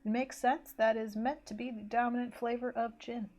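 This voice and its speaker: A woman's voice: on the high side, fairly even intonation, moderate pace, darkish tone. A woman chatting casually on a livestream, rambling and correcting herself, slipping into mock race commentary. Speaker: streamer. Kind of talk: casual livestream chat while drawing. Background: faint music.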